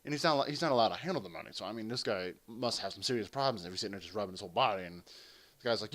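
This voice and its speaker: His voice sits fairly low and he races along, telling a long, wandering, swear-heavy story during gameplay. The gameplay commentator is a lively, profane rambler, keeping the storytelling casual.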